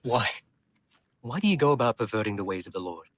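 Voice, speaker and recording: An actor playing a stern priest who questions a heretic, speaking with a British accent. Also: male voice, lowish voice, animated, fast talker, a bit bright.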